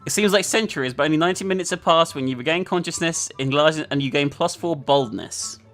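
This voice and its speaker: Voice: medium pitch, fast, fairly bright tone, soft background music. Laid-back gamer reading out game text. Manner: laid-back, swears freely, reads narration with dry timing. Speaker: video game player. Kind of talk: casual gaming chat and reading game text aloud.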